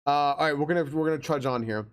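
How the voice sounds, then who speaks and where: A man's voice: fairly high pitch, quick pace, clear, resonant tone. A man streaming live, reading an old book aloud with stumbles and frustrated asides. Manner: stumbling, swearing, exasperated asides while reading.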